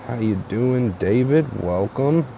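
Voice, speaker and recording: Young guy on a late night stream, kinda tired, mellow dark voice, lots of uh's, faint traffic noise behind. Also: medium pitch, slow pace, vocal fry. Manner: relaxed, repetitive, fills with uh and um. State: a little tired. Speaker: livestream host. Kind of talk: late-night livestream talk. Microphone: tablet mic.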